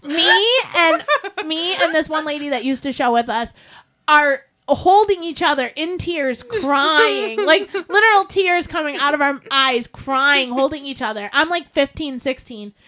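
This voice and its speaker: High-voiced woman telling a funny story. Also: unhurried. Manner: animated, laughs often while telling stories; frequent filler "like". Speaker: podcast co-host. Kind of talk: casual storytelling chat.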